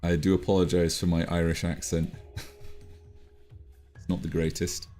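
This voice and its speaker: Deep mellow guy rambling on his art stream, self-deprecating, chatty. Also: level tone, normal speed, soft background music. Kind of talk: casual chat while drawing on stream.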